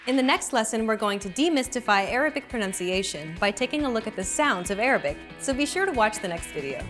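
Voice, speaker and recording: A woman's voice: fairly high pitch, lively intonation, fast, music in the background. A young adult woman hosting a language lesson, with a scripted, upbeat coaching delivery.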